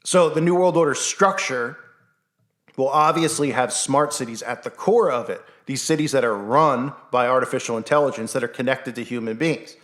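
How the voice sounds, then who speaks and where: Guy ranting on his channel, sarcastic and fired up, mid-pitched ordinary voice. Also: moderate pace. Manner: animated, sarcastic, talks straight to viewers. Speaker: vlog host. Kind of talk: casual ranting monologue.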